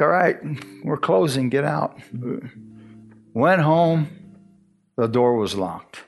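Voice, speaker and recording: A man's voice: on the high side, creaky. Chuckling older man telling his testimony. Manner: folksy, chuckles often, restarts and repeats words. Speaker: church testimony speaker. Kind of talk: personal testimony storytelling.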